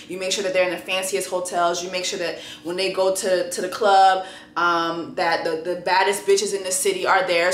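A young woman hosting a casual review show, talking bluntly and profanely with sudden loud exclamations. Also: medium pitch, roomy sound, a little hiss or hum. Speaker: YouTube show host.

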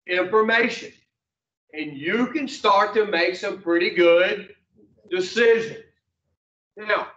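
A man's voice: sits high, fairly bright tone. A man giving a blunt, profane motivational talk to a group, asking the room questions in a folksy way. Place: room with a small audience. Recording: roomy, distant, dull mic.

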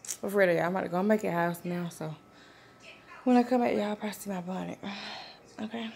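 A woman vlogger, chatting casually and telling a story in an animated way. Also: mid-range voice, a little fast, vocal fry. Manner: animated storytelling, talks to viewers as y'all. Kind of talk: casual chat.

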